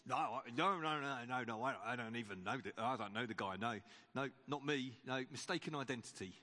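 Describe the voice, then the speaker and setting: A man's voice: a little high, expressive, moderate pace, fairly bright tone, big-room sound. A man voicing a panicky male disciple who stammers out denials.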